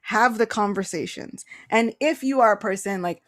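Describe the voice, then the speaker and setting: A woman's voice: medium pitch, moderate pace. A woman hosting a podcast, telling a story in casual slang with frequent laughter. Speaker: podcast host.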